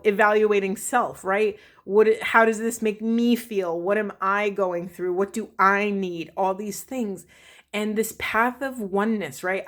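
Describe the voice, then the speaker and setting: A woman talking through a spiritual tarot reading for her viewers, emotional and often correcting herself as she goes. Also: mid-range voice. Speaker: tarot reader.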